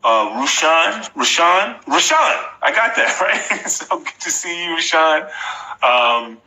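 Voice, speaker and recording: A man in his forties with a fairly high, very animated voice speaks slowly, sounding pushed and bright. He gives a motivational live-stream talk in an echoey room, repeating phrases emphatically and coaching viewers directly.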